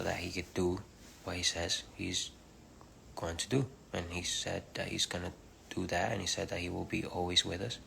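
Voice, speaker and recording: Very deep gravelly man, soft halting preacher. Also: fairly even intonation, a little hiss or hum. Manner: soft-spoken, halting, many pauses and fillers; switches between English and Spanish. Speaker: preacher on a livestream. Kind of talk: informal spiritual message. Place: home livestream. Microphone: phone or webcam.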